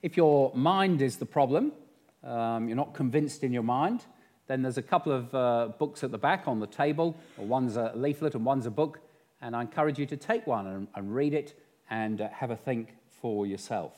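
Brief: a male preacher, earnest and measured, medium-pitched voice, leading a church prayer. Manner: earnest, measured, gently pleading. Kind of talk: sermon.

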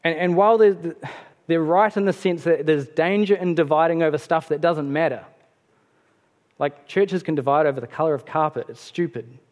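A man preaching a sermon in a relaxed, conversational way, with fillers and self-corrections. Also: a little high, normal speed. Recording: long hall reverb.

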